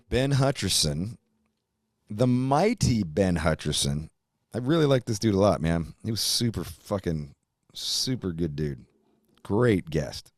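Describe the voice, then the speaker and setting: A middle-aged man hosting a podcast, rambling through a profane, animated monologue. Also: deep voice, a little slow, dry recording, studio quality. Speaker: podcast host. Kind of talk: casual chat.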